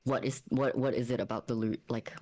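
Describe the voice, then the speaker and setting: A man voicing a grumpy, gruff male warrior in a tabletop game, speaking impatiently. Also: medium pitch, little pitch movement, fairly quick, warm tone, lightly acted.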